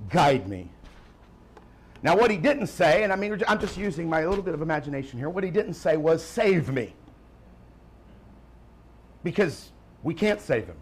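A man preaching a sermon in church, swinging from emphatic calls to quiet, joking asides. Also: on the high side, lively intonation, quick pace, slightly rough. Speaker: pastor.

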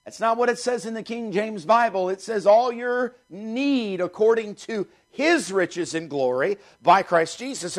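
A man preaching a sermon as pastor, emphatic and repeating key phrases, slowing down to stress scripture. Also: high voice.

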